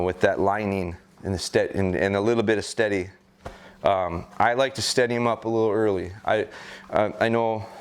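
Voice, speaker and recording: A middle-aged American man, a gun dog trainer, calmly explaining a training session and hesitating with fillers as he goes. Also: lowish voice, clear, resonant tone. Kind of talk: instructional talk during a training session.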